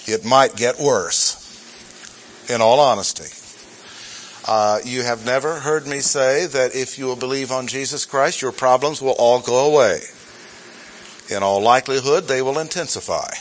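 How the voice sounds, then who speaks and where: A man's voice: medium pitch, unhurried, slight background noise. Emphatic preacher, man, repeating key points. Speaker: pastor. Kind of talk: sermon.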